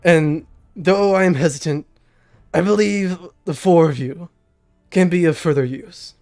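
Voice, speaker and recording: A young man voicing a stern, secretive old male mage in a tabletop game, pushing his voice a little lower and groggier than his own, speaking in a measured, grave way. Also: a little mellow, soft background music. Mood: earnest. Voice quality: slightly lowered, groggy-sounding voice. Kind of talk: game master voicing a character.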